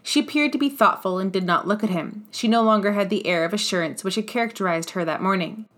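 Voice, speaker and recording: A woman hosting a storytelling podcast, calmly reading chapters of a classic novel aloud. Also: medium pitch, quick pace.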